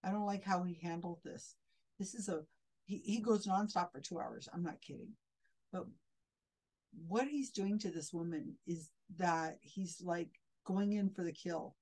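A woman's voice: lowish voice, unhurried, darkish tone, rough recording. A woman commenting critically on a video clip as a skeptic, sounding indignant and often restarting her sentences.

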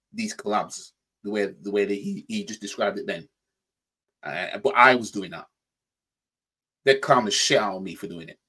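Low husky Yorkshire man ranting. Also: bright, forceful tone. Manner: repeats "you know what I mean", stammers on restarts; mocking mimicry in quoted voices. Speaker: reaction channel host. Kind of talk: casual reaction commentary.

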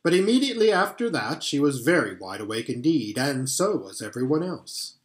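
Lively man reading a storybook aloud. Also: medium pitch, moderate pace. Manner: expressive, occasional stumbles and restarts. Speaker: audiobook reader.

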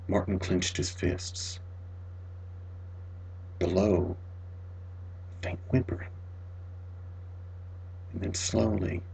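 A man reading a spooky short story aloud, dramatic, dropping to near-whispers and rising to loud cries. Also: lowish voice, vocal fry, slight background noise, poor audio. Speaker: audiobook reader.

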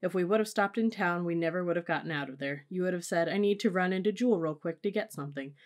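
Stubborn, curt dad who snaps and yells, read by a low-voiced woman; audiobook. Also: fast, lightly acted. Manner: snapping, yelling. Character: stubborn, curt middle-aged father driving.

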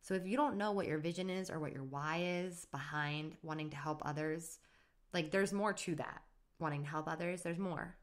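A woman's voice: sits low, moderate pace. Upbeat woman hosting a coaching podcast. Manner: upbeat, chatty, laughs at herself. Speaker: podcast host. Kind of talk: solo motivational podcast talk.

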